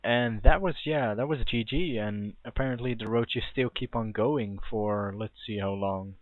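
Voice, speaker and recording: A man's voice: fairly low pitch, moderate pace, dry recording. A man casting a strategy game replay alone, opinionated and thinking aloud with restarts. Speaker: game commentator. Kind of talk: solo replay commentary. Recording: tinny lo-fi mic, dry.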